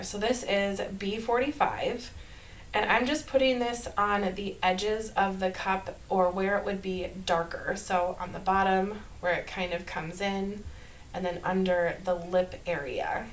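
A woman with a Minnesota accent, talking through a card-making tutorial in a chatty, upbeat way and laughing softly at herself. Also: medium pitch, fairly even intonation, measured pace, a little hiss or hum, low-quality recording. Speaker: card-making channel host. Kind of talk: casual craft tutorial voice-over.

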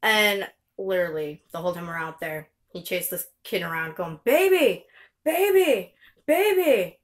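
A woman's voice: on the low side, steady tone, normal speed, bright, forceful tone. A woman and mother vlogging at home, telling a rambling story to the camera with light laughs. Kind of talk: casual chat to camera.

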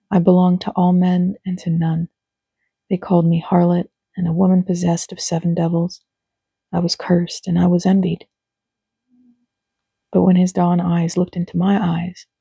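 A reader giving a slow, hushed, solemn dramatic reading of a first-person monologue. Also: mid-range voice, vocal fry, slightly rough, no room sound. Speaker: audiobook reader.

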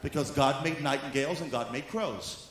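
A male apostle preaching a sermon, moving from soft teaching into shouted exhortation. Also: mid-range voice, moderate pace, music in the background, crowd noise. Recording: echoey hall with faint room noise.

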